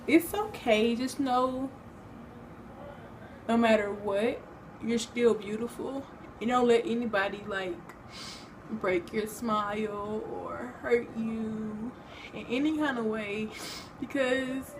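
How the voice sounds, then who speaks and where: Rambling young woman, higher voice. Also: fairly even intonation, takes it slowly, pauses often, noisy background. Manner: rambling, full of fillers and restarts. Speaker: vlogger. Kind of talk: casual personal vlog talk.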